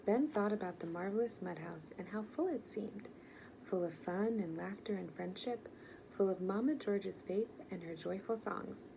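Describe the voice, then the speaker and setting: A woman gently and expressively reading a children's picture book aloud. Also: medium pitch, moderate pace, creaky, background noise. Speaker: storyteller.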